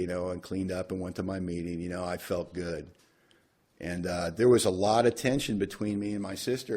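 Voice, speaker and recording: A man's voice: on the low side, a little mellow. A man speaking at a recovery workshop, telling a personal story in a wry, self-mocking way. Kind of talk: storytelling talk.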